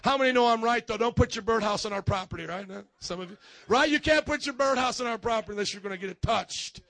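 A man preaching in a church, telling lively stories and acting out his neighbors, swinging from loud to quiet. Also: extremely high pitch, quick pace, creaky, no room sound. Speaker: pastor. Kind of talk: sermon.

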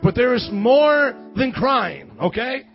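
High-voiced excitable male preacher. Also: slow pace, vocal fry. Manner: excitable, loud outbursts, then drops low to muse. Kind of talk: charismatic sermon. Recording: dull lo-fi church recording with faint music.

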